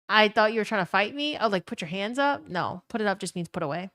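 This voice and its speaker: A woman's voice: medium pitch, a little fast, fairly bright tone. A woman from New Orleans chatting casually and rambling on a game live stream, swearing freely and greeting chat. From New Orleans, USA.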